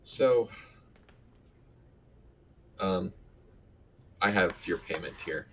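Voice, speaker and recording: Very deep-voiced wry man player. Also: very slow, a bit bright, slight background noise. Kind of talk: in-character tabletop play.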